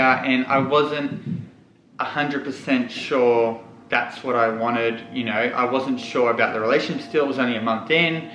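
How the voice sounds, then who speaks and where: A man's voice: medium pitch, a little slow, bright, forceful tone, slight background noise. A young man telling a personal story to the camera, candid and on the verge of tears. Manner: candid, tearful, holding back tears. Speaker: vlogger. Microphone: camera mic. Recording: echoey room.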